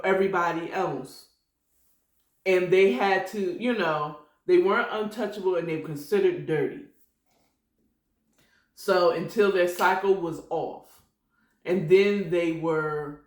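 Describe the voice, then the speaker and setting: A woman's voice: lowish voice, roomy sound. A woman hosting a casual solo morning chat podcast, rambling and chatty with prayerful asides. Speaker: podcast host.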